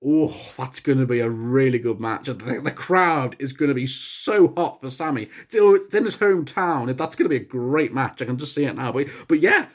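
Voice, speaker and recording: Excitable young man reviewing wrestling. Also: mid-range voice, normal speed, few pauses. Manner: excitable, bursts into shouts at big moments; rambling with frequent restarts. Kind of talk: casual spoken review.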